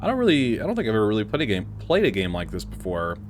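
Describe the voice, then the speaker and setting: A man's voice: lowish voice, sing-song, racing, slight background noise. Hyper, chatty young man playing a game. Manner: hyper, chatty, mumbling, laughing. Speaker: gaming YouTuber. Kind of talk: casual Let's Play commentary.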